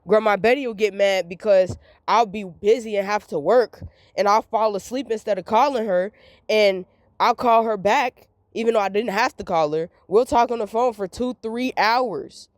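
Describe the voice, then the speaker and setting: A woman's voice: medium pitch, moderate pace, no echo. Young woman vlogger, candid venting monologue, emphatic and repetitive, dry close sound. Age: young adult.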